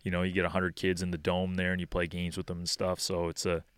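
Young man, hockey coach, deep resonant voice, laid-back talker with plenty of fillers. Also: fast, clear, resonant tone, no echo. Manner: relaxed and rambling, many fillers like "you know" and "um". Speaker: hockey skills coach and podcast guest. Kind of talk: casual interview chat.

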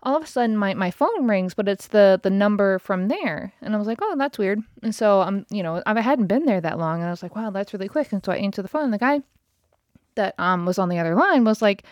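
A woman in her thirties hosts her own podcast and rambles through a story in a casual, exasperated voice, swearing freely. Her pitch sits in an ordinary middle range. The sound is dry and close-miked, with no room in it. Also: lively intonation, a little fast, darkish tone, no room sound. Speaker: podcast host. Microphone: podcast mic.

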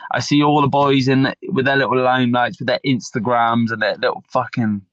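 A man's voice: mid-range voice, fairly bright tone, no room sound, lo-fi sound. A man, a fighter, talking in an interview with fired-up, emphatic passion and constant swearing. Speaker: MMA fighter, guest.

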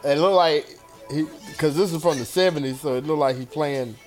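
A man's voice: fairly high pitch, fairly quick, soft background music. A man co-hosting a comedy podcast, reading out joke facts in casual banter. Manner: reads out items, playful. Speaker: podcast co-host.

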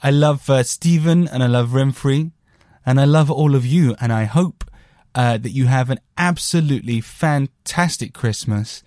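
A man's voice: mid-range voice, moderate pace, darkish tone, no room sound, studio quality. A man hosting a podcast, chatting casually about a record in a rambling, jokey way with crude asides. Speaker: podcast host reviewing a record. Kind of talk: casual chat.

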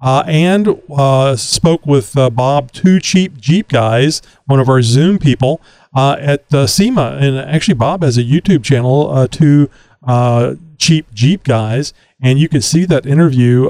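A man's voice: mid-range voice, unhurried, a little mellow, dry recording. A man co-hosting a podcast in casual chat, rambling with frequent fillers and restarts. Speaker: podcast co-host.

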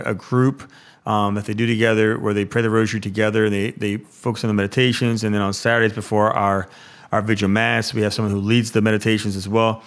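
A man's voice: lowish voice, a bit bright. A man who is a pastor, hosting an interview show with affirming enthusiasm.

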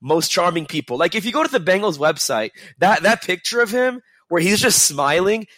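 A young man with a bright, slightly high voice chats about football on a casual panel. He is upbeat and tends to digress. The sound is dry and close. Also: expressive, moderate pace, no echo. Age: 20s. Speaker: sports reporter.

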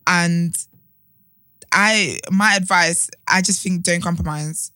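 A young woman co-hosting an advice podcast, chatty and animated, often laughing and restarting her thoughts. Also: fairly low pitch, slow pace, no room sound. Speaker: podcast co-host. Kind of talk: casual advice chat.

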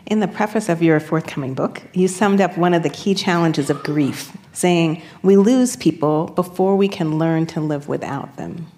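A woman hosting an interview, asking calm, composed questions. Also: low voice, normal speed, hardly any pauses, slight background noise. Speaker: radio interviewer.

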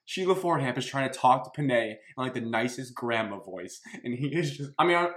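A man hosting a casual sports talk show, telling stories in an animated way and laughing as he talks. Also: medium pitch, normal speed, hardly any pauses. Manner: animated storytelling, laughs while talking. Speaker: podcast host.

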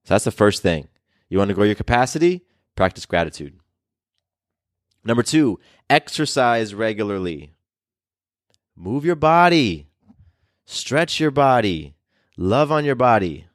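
A man in a podcast monologue coaches listeners on stress and growth. His voice sits fairly low and earnest, and he leans on repetition to drive points home. The sound is close and dry, with no room around it. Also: big pitch swings, a little slow, pauses often, no room sound. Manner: earnest, coaching, repeats key phrases. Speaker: podcast host.

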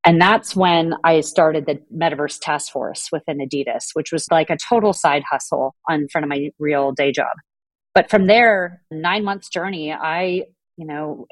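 A woman's voice: low-pitched, no room sound. A middle-aged woman from Southern California, answering interview questions in a fluent, businesslike way. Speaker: guest executive.

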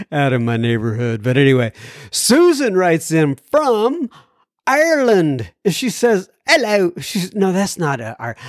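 A man's voice: medium pitch, darkish tone, dry recording, clean studio sound. A middle-aged man hosting a recovery podcast, reading listener emails aloud and drifting into tangents he apologizes for. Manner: rambling, apologetic, goes off on tangents with chuckles. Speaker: podcast host.

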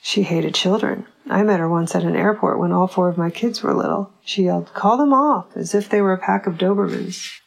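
Female audiobook reader, dry measured delivery, low voice with fry. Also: fairly even intonation, rough recording. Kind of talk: reading a literary short story aloud.

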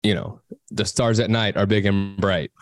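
A man co-hosting a casual panel discussion, often halting and repeating words as he starts a thought. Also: lowish voice. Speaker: co-host.

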